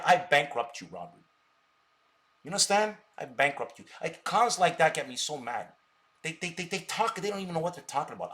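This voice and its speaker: A man with a somewhat high voice rants to his live stream viewers. He sounds combative, and he stammers by repeating words over and over as he pushes his points. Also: a bit bright. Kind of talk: unscripted live stream talk.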